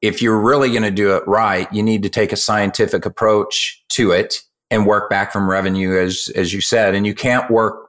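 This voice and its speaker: A man with a fairly low voice, co-hosting a podcast. He lays out his points in a measured, explanatory way, building each argument step by step. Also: steady tone, fairly bright tone. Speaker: podcast co-host. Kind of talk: casual business podcast chat.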